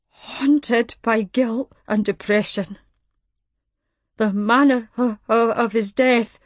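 A woman's voice: fairly high pitch, no echo, voice pushed up. A woman reading aloud, voicing a desperate middle-aged male caller who chokes out his words between sobs. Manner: crying, halting between sobs. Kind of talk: audiobook reading.

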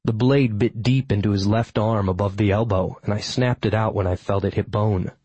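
A man's voice: lowish voice, fairly even intonation, normal speed, darkish tone, husky, dry recording, poor audio. A man reading a first-person fantasy audiobook in a wry, sardonic storytelling manner. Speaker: audiobook narrator.

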